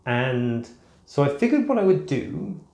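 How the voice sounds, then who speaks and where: A man in a casual vlog, talking in a measured, explanatory way while keeping to the upper part of his range. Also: on the high side, big pitch swings, creaky. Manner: measured, explanatory, softly raised register. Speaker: vlogger. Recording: echoey room.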